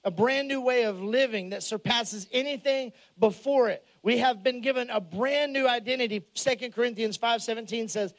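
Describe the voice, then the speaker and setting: High-voiced preacher, animated and jokey. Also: male voice, brisk, hardly any pauses. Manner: animated, jokey, shouts for emphasis. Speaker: pastor. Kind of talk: humorous storytelling sermon.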